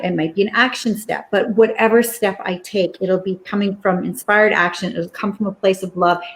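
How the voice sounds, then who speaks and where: A woman's voice: medium pitch, a little mellow. A woman in her fifties hosting a casual chat, upbeat and motivational, often acting out her own self-talk. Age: 50s. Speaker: host.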